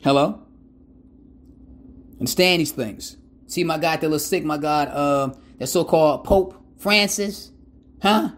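A man's voice: a little high, a little slow, pauses often, a bit bright. Fiery man preaching with rhetorical questions. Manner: emphatic, fires rhetorical questions, fills with "my God" and "hello?". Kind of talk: fiery scripture-citing sermon.

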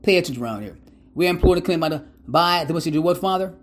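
A man's voice: a little high, animated, rapid-fire. Fiery man preaching with rhetorical questions. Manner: emphatic, fires rhetorical questions, fills with "my God" and "hello?". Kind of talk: fiery scripture-citing sermon.

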